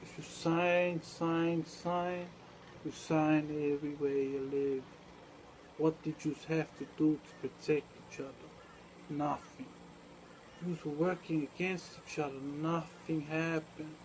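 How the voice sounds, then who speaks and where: A man's voice: a little high, little pitch movement, slow, darkish tone, slight background noise, rough recording. A man telling a rambling story, repeating phrases and acting out what others said.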